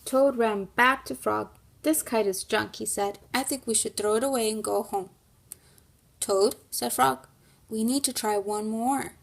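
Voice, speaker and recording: A woman teacher reading a picture book aloud to children and thinking aloud through why questions in a gentle, guiding way. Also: a little high, measured pace, gravelly. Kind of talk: classroom read-aloud and lesson.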